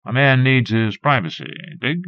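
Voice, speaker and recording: A man's voice: medium pitch, moderate pace, a bit bright, dry recording, pitched above the performer's own voice, lightly acted. A man reading aloud and voicing a vain, cocky seventeen-year-old boy who teases his younger brother smugly. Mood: teasing. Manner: smug, teasing, preening. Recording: dull lo-fi cassette recording.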